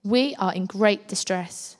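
Woman, Bible reader, slow measured reading, reverberant church. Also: mid-range voice. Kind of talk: reading scripture aloud.

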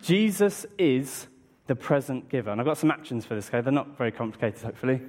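Animated preacher in a reverberant hall. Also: male voice, medium pitch, quick pace. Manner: animated, exaggerated excitement with gasps, talks to children in the audience. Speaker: preacher at a church service. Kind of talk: lively children's talk in church. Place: church hall. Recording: long reverb in a large hall, from a distance.

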